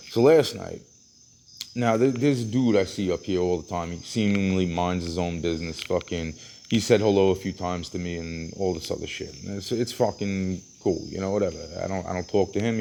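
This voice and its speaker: At night, outdoors at a train station, a vlogger rants through a long story, swearing heavily, restarting sentences, and acting out quotes. His voice is deep and a little mellow, with a bit of hiss or hum on the recording.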